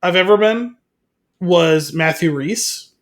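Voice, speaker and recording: A man's voice: sits high, slow pace. A man co-hosting a podcast, chatting casually, asking questions and telling anecdotes. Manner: conversational, asks questions, recounts anecdotes. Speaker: podcast co-host. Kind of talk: casual chat.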